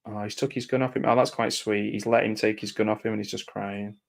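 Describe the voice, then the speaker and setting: A man giving casual live commentary over a film, reacting aloud and often dropping into quiet mumbled asides. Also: fairly low pitch, flat delivery, quick pace, gravelly.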